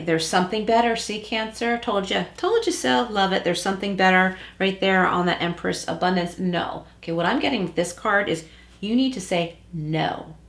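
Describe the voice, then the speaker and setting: A woman's voice: lowish voice, gravelly, echoey room. A woman giving a tarot reading at home and speaking straight to the listener in a reassuring way. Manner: reassuring, addresses the listener directly. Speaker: tarot reader. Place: room at home with a closed door.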